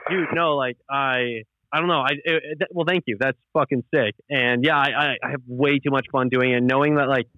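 A man's voice: mid-range voice, steady tone, fairly quick, hardly any pauses, no room sound. Young man, casual podcast chat, rambling, swears a lot, muffled dry sound. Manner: laid-back, rambling, heavy on fillers and swearing. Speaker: podcast host. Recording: muffled lo-fi audio.

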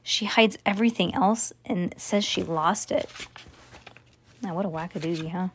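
Woman reading a children's book aloud at home, relaxed and chatty. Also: fairly low pitch, normal speed, a little hiss or hum.

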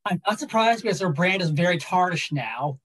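A man co-hosts a podcast chat in a mid-pitched voice, dry and sarcastic, mocking himself with a straight face. He sounds quick-witted and blunt. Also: animated, fairly bright tone, rough recording. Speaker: co-host. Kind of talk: casual chat.

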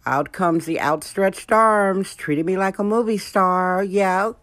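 A woman's voice: mid-range voice, slow pace, a bit bright, no echo. An American woman hosting a podcast, telling stories in a casual monologue and acting out the voices of people she quotes. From United States. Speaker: podcast host.

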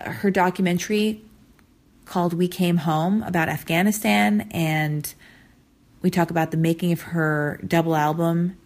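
A woman's voice: lowish voice, a little mellow. Emotional rambling woman podcast host. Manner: emotional, rambling, repeats herself. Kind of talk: solo podcast intro, candid venting.

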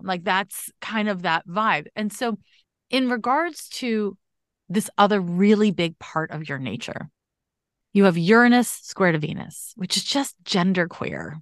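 A woman's voice: medium pitch, lively intonation, unhurried, no echo. A woman gives a casual astrology reading as the host of a podcast. She talks emphatically and swears now and then. The recording sounds dry and close.

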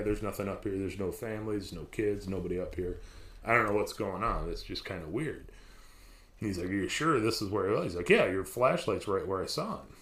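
A man's voice: fairly low pitch, fairly bright tone. A man casually telling a spooky story on a podcast, rambling and profane, often restarting his sentences.

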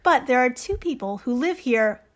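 A woman's voice: high-pitched, lively intonation, normal speed, very noisy. Enthusiastic, profane woman podcast host. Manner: enthusiastic, swears freely, laughs often. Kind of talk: casual chat.

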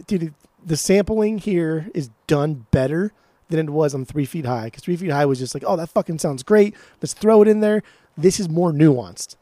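A man co-hosting a podcast in casual chat, excitable and profane, often repeating words as he gushes. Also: fairly high pitch, dry recording. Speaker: podcast co-host.

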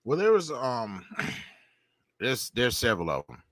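Slow and sing-song, this podcast guest's mid-range, slightly bright voice comes through without echo. He shares his opinions casually but emphatically, sounding preachy and frequently saying the same things again.

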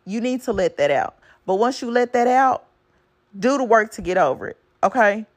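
A woman's voice: a little high, lively intonation, moderate pace. Blunt woman preaching self-worth, casually. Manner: blunt, preachy, repeats points with "okay?". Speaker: podcast host. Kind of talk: casual motivational talk.

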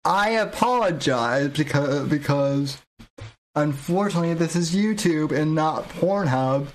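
A male podcast host giving casual commentary on video clips, halting and repeating his words as he goes. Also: a little high, animated. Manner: halting, repeats words, slow to get going.

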